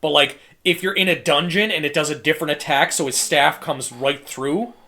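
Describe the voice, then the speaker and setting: A man streaming a game with casual, excitable commentary, laughing often and swearing freely. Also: fairly high pitch, normal speed.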